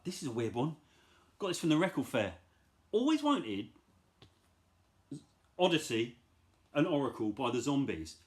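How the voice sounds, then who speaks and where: A middle-aged man casually chatting about his record finds, enthusiastic and rambling, with self-deprecating asides. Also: high voice. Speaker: vinyl collector vlogger. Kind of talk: casual chat.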